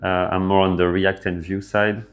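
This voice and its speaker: A man with a French accent, hosting a casual developer livestream and answering viewer questions in a relaxed way with lots of fillers. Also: low voice, normal speed. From France. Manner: relaxed, filler-heavy, thinking aloud. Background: faint background music.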